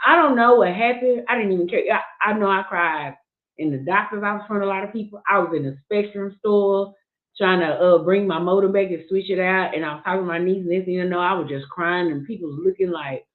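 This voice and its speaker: On a tinny, phone-like line, a woman guesting on a livestream talks about her grief in candid, casual speech. Her mid-range voice moves at a quick pace, and she speaks earnestly and frankly, often starting her sentences over.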